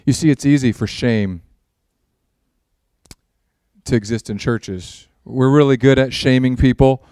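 A male pastor preaching a sermon in a church, opening with a prayer, animated with sarcastic asides and acted-out quotes. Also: medium pitch, a little slow, clean tone, dry recording, clean studio sound. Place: church sanctuary.

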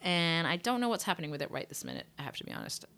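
A woman with a low but bright, forward voice talks loosely as a singer guest in a relaxed interview. She rambles with fillers and restarts and sometimes mimics how she would phrase a line. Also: very fast, vocal fry. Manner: chatty, loose, full of "like" and restarts, acts out phrasings. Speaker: singer and session musician, guest. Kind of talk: casual interview chat.

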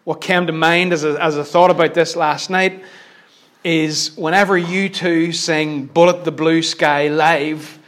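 A middle-aged man preaching a sermon, impassioned, swinging between loud declarations and hushed lines. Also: a little high, fairly even intonation, measured pace.

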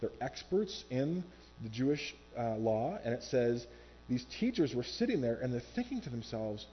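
A man preaching a sermon from a church stage, animated and acting out quoted voices. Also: mid-range voice, normal speed, lo-fi sound, soft background music. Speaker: pastor.

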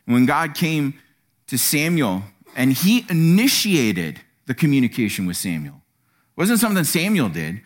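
Animated male preacher with a lively voice. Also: unhurried. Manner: animated, acts out quotes with sudden pitch jumps. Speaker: pastor. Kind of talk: sermon. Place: church.

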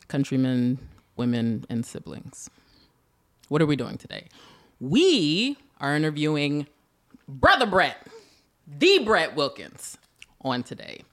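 A woman's voice: a bass voice, darkish tone. A woman hosting an interview, teasing and playful, with frequent laughter. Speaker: podcast host. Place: San Francisco.

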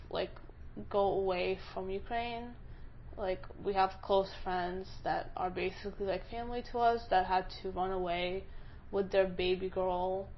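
A woman's voice: medium pitch, highs cut off, a little hiss or hum. A young woman from Russia, speaking with a Russian accent, chatting casually in an interview with lots of fillers. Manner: chatty, many fillers, acts out quoted speech.

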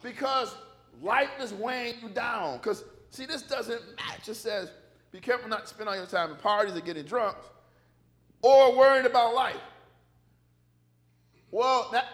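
A man's voice: very high voice, measured pace, long pauses. A man preaching a sermon in a church, emphatic and joking, driving call-and-response with the congregation. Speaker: pastor.

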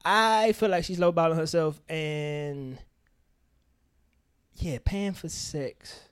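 A man's voice: a little high, slow, clean tone. A man co-hosting a podcast, talking candidly and emphatically with plenty of swearing. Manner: animated, emphatic storytelling with frequent swearing. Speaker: podcast co-host. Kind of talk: candid casual chat.

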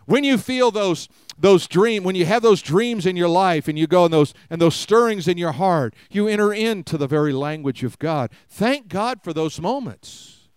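A man's voice: sits high, animated, normal speed, clear, resonant tone, dry recording. A man preaching a conversational sermon to a live congregation, often asking them questions. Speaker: pastor. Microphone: live-streamed service mic.

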